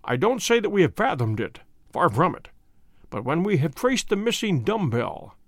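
A cheerful, debonair detective, measured and wry, with a lively lilt in his lines, as a male audiobook narrator puts him on. The recording is dry and close. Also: fairly high pitch, no echo. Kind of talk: audiobook character voice.

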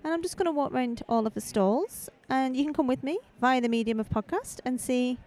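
A woman's voice: sits high, brisk, darkish tone. A woman hosting a casual live podcast as she walks around festival stalls outdoors, chatting in a rambling, friendly way into a handheld microphone. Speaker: podcast host.

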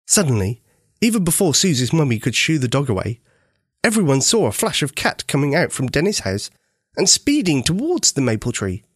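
A man's voice: fairly high pitch, husky, no echo, clean studio sound. A man narrating a children's story in a storyteller's cadence.

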